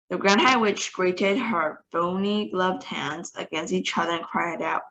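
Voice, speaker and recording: A woman narrates a children's novel aloud. Her delivery is steady and expressive, as in an online reading session. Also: lowish voice, measured pace, hardly any pauses, low-quality recording. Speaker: storybook reader.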